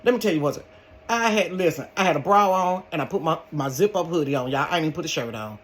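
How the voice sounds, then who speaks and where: An older woman tells a story from her bedroom. She is dramatic and animated and keeps calling her listeners honey and baby. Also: deep voice, fast talker. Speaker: vlogger. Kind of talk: casual storytime.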